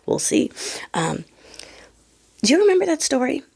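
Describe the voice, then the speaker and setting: A woman with a hoarse, fading voice giving blunt opinions in a conversational vlog. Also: high-pitched, big pitch swings, moderate pace, darkish tone. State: hoarse, losing her voice. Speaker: vlogger.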